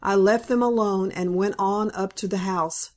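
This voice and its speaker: A woman narrates a classic novel as an audiobook, her mid-range voice steady in tone and her delivery measured and composed.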